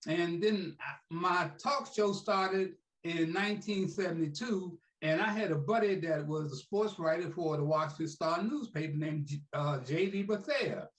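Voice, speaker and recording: A man in his seventies telling a story in a folksy, animated way, often adding "man" to his sentences. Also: on the high side, moderate pace, hardly any pauses. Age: 70s. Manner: folksy, peppers speech with "man". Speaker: interviewee, veteran sports talk host. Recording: echoey room.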